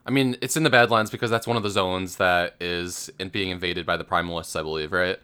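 A man with a lowish, smooth voice that has a bright edge. He muses aloud in casual gaming chat, scattering fillers through his sentences. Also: fairly even intonation, fairly quick. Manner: filler-heavy, musing. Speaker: podcast co-host.

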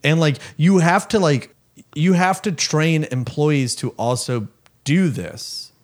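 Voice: medium pitch, slow pace. An interviewer in casual conversation, with a voice in the middle range. Follows along with frequent short agreements and thoughtful follow-up questions. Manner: responsive, fills in with short agreements.

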